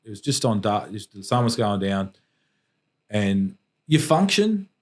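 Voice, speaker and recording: A middle-aged Australian man, a podcast guest, telling a painful personal story in a halting, reflective way with many restarts. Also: fairly low pitch, sing-song.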